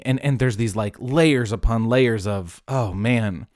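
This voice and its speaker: A man's voice: medium pitch, a little slow, hardly any pauses, dry recording, clean studio sound. A man hosting a podcast, retelling a Bible story in a casual, jokey way and breaking off into asides. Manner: animated, jokey, self-interrupting. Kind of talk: casual retelling with acted voices.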